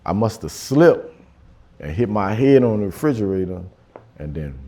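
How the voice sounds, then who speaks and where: Low-voiced man doing profane stand-up. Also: sing-song, normal speed, warm tone. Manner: loose, profane, conversational slang. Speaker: stand-up comedian. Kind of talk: stand-up storytelling. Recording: live show with audience laughter.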